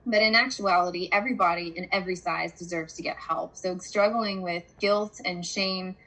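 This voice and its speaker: A woman's voice: fairly low pitch, fairly even intonation, moderate pace, fairly bright tone, rough recording. A woman therapist speaking earnestly in a conversational interview, with frequent fillers like "like" and "you know". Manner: earnest, emphatic, many fillers.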